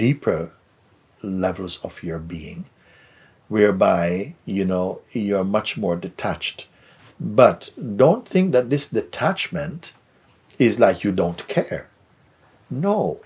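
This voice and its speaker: A man teaching in a spiritual talk, his voice low, breathy and heavily husky. He speaks slowly and softly, often sinking into a near whisper and gently repeating words. His tone stays unhurried throughout. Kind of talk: spiritual talk answering a question.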